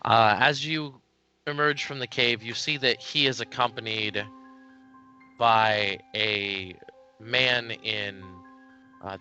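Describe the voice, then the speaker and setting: Man, game master, slow narration, bright tone, faint music behind. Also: fairly low pitch, dull audio. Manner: unhurried narration with many fillers.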